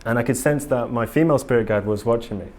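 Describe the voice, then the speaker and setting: A man's voice: medium pitch, fast, darkish tone. A man giving a casual conference talk to a live audience in a conference room, earnest and rambling, with frequent ums and restarts. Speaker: conference speaker.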